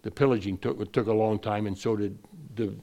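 The preacher here is a man with a lowish, dark voice who speaks briskly in a steady tone, captured on dull audio. His sermon digresses and restarts repeatedly, with his voice climbing hard to emphasize key points.

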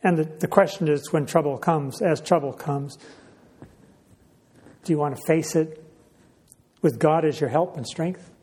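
A man delivers a sermon in a somewhat high voice. He speaks in a measured way and leans on repeated phrases for emphasis. He stops often to clear his throat. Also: mellow. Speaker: preacher.

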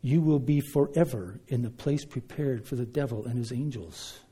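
A man preaching a sermon, emphatic, swinging between loud declarations and hushed asides. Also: mid-range voice, normal speed, breathy edge.

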